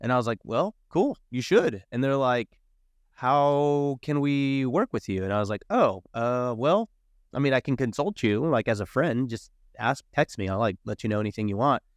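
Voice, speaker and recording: A man in his thirties, a podcast guest telling stories in a casual, animated way and acting out quoted dialogue. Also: medium pitch, a little fast, no room sound. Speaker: podcast guest, real estate investor. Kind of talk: casual storytelling interview.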